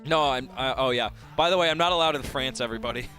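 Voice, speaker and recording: Bright, lively young male caster. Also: medium pitch, soft background music. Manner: sarcastic, quick joking banter. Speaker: esports commentator. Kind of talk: live esports commentary.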